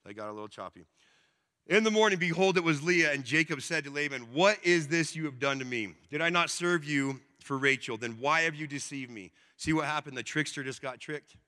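Male preacher, casual and animated, slangy asides; bright tone, long reverb. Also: a little high, brisk. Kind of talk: sermon.

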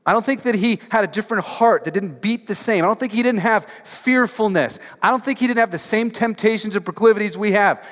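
Guy preaching a sermon, kinda high voice, super casual, lots of "like", keeps firing questions at the crowd, long echoey church hall. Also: brisk, hardly any pauses, fairly bright tone. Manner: casual and conversational, many "like" fillers; emphatic rhetorical questions to the congregation. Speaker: pastor. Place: church sanctuary.

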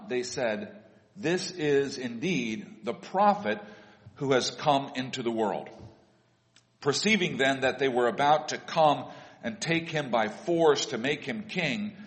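A man leading a church service, reading scripture aloud in a measured, plain voice in a church sanctuary. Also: medium pitch. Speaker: worship leader reading scripture. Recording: long reverb of a large room.

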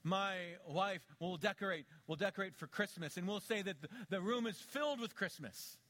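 Middle-aged man, pastor, sermon, fairly high voice, emphatic bursts, soft low asides. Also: normal speed. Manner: dramatic swings from soft low asides to loud emphatic peaks.

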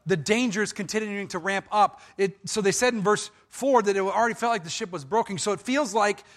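Man, high voice, pastor, sermon, animated storytelling, self-corrections. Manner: animated storytelling with dramatized quotes.

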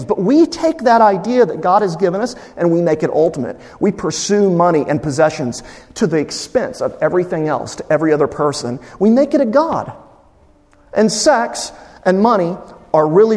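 A man delivering a sermon as pastor, his voice sitting a little high for a man. He preaches with emphatic energy and breaks into playful asides. His words ring out with a long reverb from the church hall around him. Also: a little mellow.

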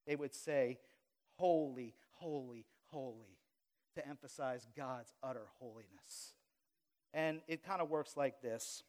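A man from Louisiana preaching a live sermon as pastor to a congregation in a church, with dynamic swings between loud emphasis and quiet asides, and humorous confessional remarks. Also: mid-range voice, measured pace. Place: church sanctuary before a congregation.

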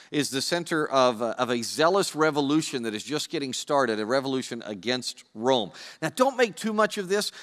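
A man's voice: medium pitch, a bit bright, long reverb tail. A man preaching a sermon, conversational and playful, speaking straight to his congregation. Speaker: pastor.

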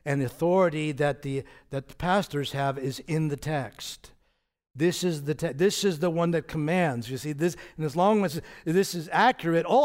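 Man preaching with rhetorical questions. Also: a little high. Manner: conversational preaching with rhetorical questions and soft laughs. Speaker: pastor. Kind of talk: sermon.

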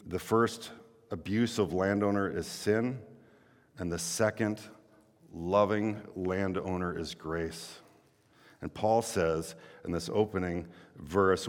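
A man's voice: low-pitched, fairly even intonation, takes it slowly, in a large hall. A male pastor preaching a sermon earnestly, building to emphatic exhortations.

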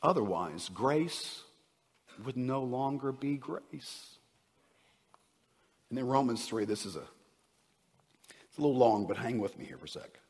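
A man preaching a sermon as a pastor, swinging between loud emphasis and hushed, near-whispered asides. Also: medium pitch, expressive, unhurried, pauses often, breathy edge, big-room sound.

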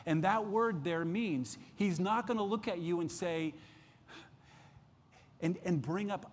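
A man preaching a midweek sermon, reading scripture aloud and slowing down earnestly to stress key words. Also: sits high, in a large hall, heavy background noise. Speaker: pastor.

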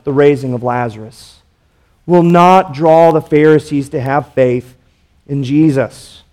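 A man with a high-pitched voice preaching a verse-by-verse sermon. He leans on rhetorical questions and delivers his points with dramatic emphasis. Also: a little mellow. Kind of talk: expository sermon.

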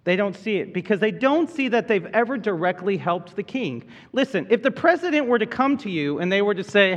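A man's voice: sits high, big pitch swings, a little fast, hardly any pauses. A man preaching a sermon in a conversational way, often repeating and restarting his words. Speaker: pastor. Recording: dull reverberant hall sound.

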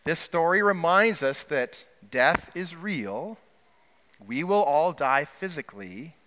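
A man's voice: fairly high pitch, pushed and bright. Man preaching in a reverberant hall. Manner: asks the congregation questions, slows down for emphasis. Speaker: pastor. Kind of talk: sermon.

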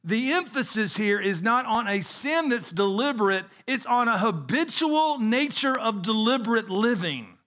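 Pastor, male, middle-aged: high, sharp-toned voice, earnest sermon delivery with questions to the room. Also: expressive, moderate pace, few pauses. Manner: earnest preaching with rhetorical questions.

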